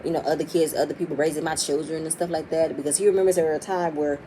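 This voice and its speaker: A woman's voice: sits low, steady tone, rapid-fire, warm tone, slight background noise, rough recording. A woman recapping a reality TV episode, talking bluntly and profanely and acting out what the cast said. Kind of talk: casual opinionated episode recap.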